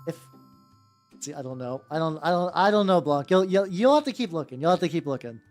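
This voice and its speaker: A woman's voice: low voice, animated, brisk, a little mellow. A woman streaming as she paints miniatures, chatting casually, stammering, repeating herself and swearing freely. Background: faint background music.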